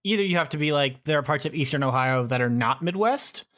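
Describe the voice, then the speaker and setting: A man's voice: fairly high pitch, expressive, fast talker, a bit bright. A man co-hosting a podcast in casual chat, musing and hedging as he thinks aloud. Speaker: podcast co-host.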